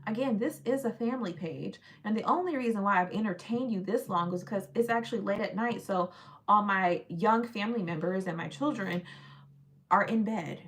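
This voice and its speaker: A woman hosting a casual livestream, talking in an animated, sassy, teasing way. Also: mid-range voice, moderate pace. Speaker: livestream host.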